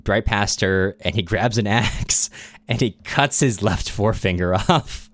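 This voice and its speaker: Guy with a lowish voice on a podcast, just chatting thru a story, dry close sound. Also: measured pace, a bit bright, dry recording. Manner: retells the plot loosely with fillers, restarts and chuckles. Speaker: podcast co-host. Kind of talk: casual literature podcast chat.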